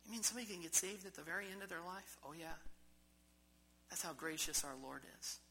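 A man's voice: sits high, quick pace, creaky, bright, forceful tone, a little hiss or hum, poor audio. A man preaching a sermon in a church service, emphatic and full of rhetorical questions to the congregation. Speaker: pastor.

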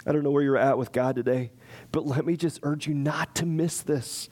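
A man preaching a sermon as a pastor, earnest and pleading, who later leads a soft, slow prayer. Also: on the high side, fairly even intonation.

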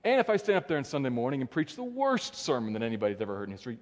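Pastor guy preaching, earnest, goes quiet and low for the big words, long church echo. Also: huge pitch swings, rapid-fire, hardly any pauses. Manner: earnest, dropping soft and low for emphasis. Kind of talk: sermon. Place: church sanctuary. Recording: long church hall reverb.

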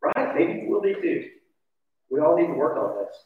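A man's voice: on the high side, sing-song, moderate pace. Male pastor, sermon, conversational and confessional, heard from far off on a dull, muffled recording. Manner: conversational, confessional, asks the audience questions. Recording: distant, echoey, dull church recording.

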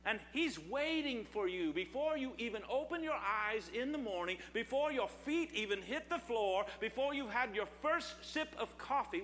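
A male pastor preaching an impassioned sermon at a church service, rising to shouts. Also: very high voice, animated, moderate pace, few pauses, long reverb tail, a little hiss or hum.

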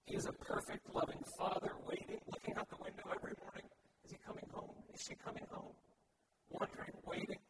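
A man speaks fast in an earnest sermon, hammering home his points as pastor with emphatic, repeated phrasing. The microphone is distant, and loud background noise fills the clip.

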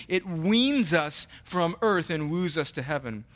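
A man preaching a sermon as pastor, earnest and animated, often restarting his sentences. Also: a little high, measured pace, few pauses.

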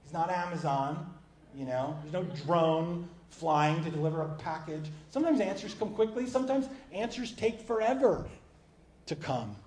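A man preaching a conversational sermon, emphatic, swinging between loud and hushed passages. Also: a little high, normal speed. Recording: roomy echo with faint background noise.

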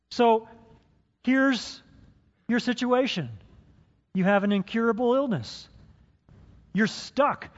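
High-voiced pastor preaching in a reverberant hall. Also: male voice. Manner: dramatic, teasing the congregation with role-play. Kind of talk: sermon. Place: church hall. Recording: dull sound with long hall reverb.

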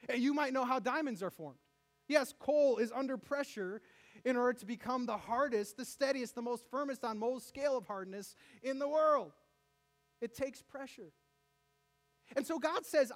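A man preaching a sermon as pastor, animated, with jokes and asides to the congregation in a church. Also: very high voice.

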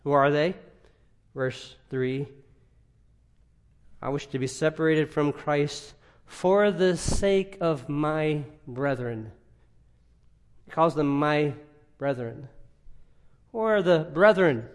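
Emphatic preacher man, higher voice. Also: takes it slowly, pauses often, smooth. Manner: emphatic, rising and dropping in volume, rhetorical questions. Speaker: pastor. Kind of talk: expository sermon.

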